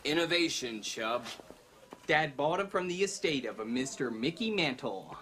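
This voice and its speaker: A man's voice: on the high side, animated, moderate pace, bright, forceful tone. An actor playing a greedy, over-the-top male team businessman in a movie clip, with a smug, cartoonish delivery. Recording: movie clip with faint background noise.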